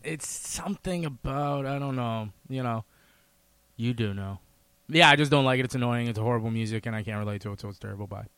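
A man's voice: medium pitch, a little fast, a bit bright, clear, resonant tone, dry recording. A middle-aged man from Massachusetts, hosting a radio talk show with blunt, joking opinions. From Massachusetts, USA. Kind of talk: casual on-air chat.

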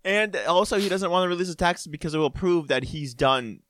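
A man's voice: high-pitched, fairly quick, fairly bright tone, no echo, studio quality. A man co-hosting a casual political chat, agreeing often and laughing along. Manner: agreeable, laughs often, backs up the other host. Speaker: podcast co-host.

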